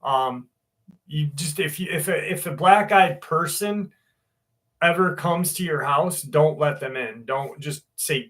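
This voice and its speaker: A man's voice: on the high side, slow pace, a bit bright. A man hosting a casual live stream, joking and swearing as he greets viewers by name and reads a story aloud.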